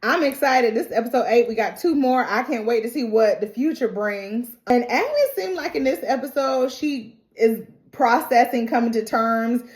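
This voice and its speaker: A woman hosting a TV reaction channel, recapping an episode in casual, animated, emphatic storytelling. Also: a little high, normal speed, few pauses. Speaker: TV reaction host. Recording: roomy echo.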